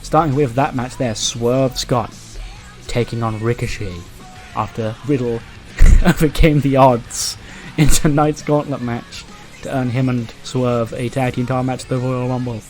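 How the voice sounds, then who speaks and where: A man's voice: medium pitch, fairly even intonation, measured pace, darkish tone, soft background music. A man narrating a wrestling game playthrough in a chatty, casual way. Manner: chatty, laughs often. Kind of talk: casual let's-play recap.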